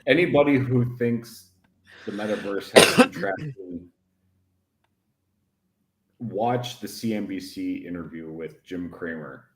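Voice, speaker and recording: Man, casual livestream chat, slow drawl, lowish voice, echoey room, rambling and emphatic. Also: expressive. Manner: rambling, emphatic, laughs often. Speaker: podcast co-host.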